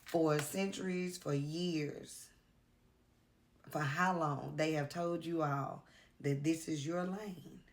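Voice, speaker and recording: Tired woman vlogger, low voice, slow and earnest, confessional to-camera talk. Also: fairly even intonation, a little hiss or hum. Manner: earnest, confessional, with pauses and fillers. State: tired, worn out. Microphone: camera mic.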